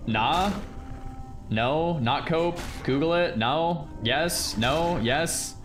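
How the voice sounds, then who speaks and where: A male streamer chatting casually with his viewers in an animated, incredulous way. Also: on the high side, very slow, music in the background. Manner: animated, incredulous, talks to chat. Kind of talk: casual livestream chat.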